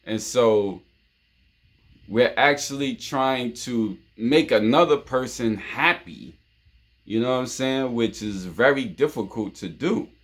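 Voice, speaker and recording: A man from New York hosts a casual monologue of relationship advice. His voice is mid-pitched, and he keeps looping back with "you know what I'm saying" and repeated phrases, the way friends talk. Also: slow pace. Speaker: show host.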